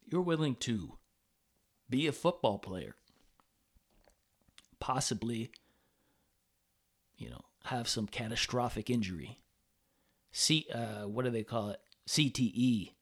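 A man's voice: mid-range voice, animated, slow pace, pauses often, breathy edge. A man hosting a podcast, talking in a rambling, profane casual monologue with many restarts. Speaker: podcast host.

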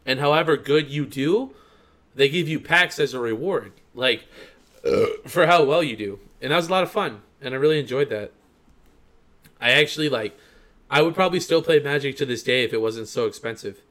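A man's voice: medium pitch, normal speed, fairly bright tone. A tipsy man co-hosting a podcast in casual chat, rambling, swearing and saying "like" constantly. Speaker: podcast co-host.

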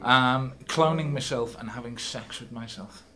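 Deadpan Scouse man. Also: medium pitch, unhurried, crowd noise. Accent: Liverpool (Scouse). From Liverpool. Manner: deadpan, absurd joking. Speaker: interview guest. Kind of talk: casual banter.

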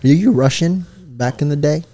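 A young man co-hosting a podcast in casual chat, teasing his friend and laughing loudly. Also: on the high side, moderate pace. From Filipino heritage. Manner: teasing, goofy, loud laughs. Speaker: podcast co-host.

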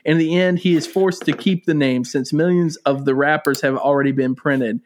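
A man's voice: a little high, normal speed, a little hiss or hum. A man co-hosting a podcast, chatting casually and telling fond stories with lots of laughter. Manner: animated, laughs often, fond storytelling. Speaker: podcast co-host. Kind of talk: casual chat.

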